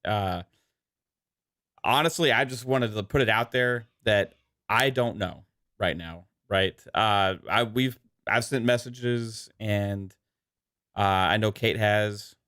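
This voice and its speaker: Male podcast host, casual chat, rambling with fillers, bright tone, dry sound. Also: fairly low pitch, takes it slowly, dry recording. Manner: relaxed, rambling with many fillers.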